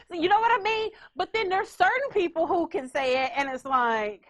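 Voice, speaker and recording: Woman host, high and lively, loud playful storyteller. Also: brisk, few pauses. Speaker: podcast host. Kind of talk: casual chat.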